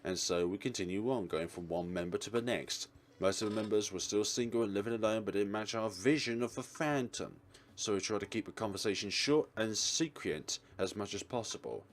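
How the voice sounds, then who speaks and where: A man's voice: fairly low pitch, fairly quick. A man hosting a let's play, reading a visual novel aloud with sarcastic, exasperated asides.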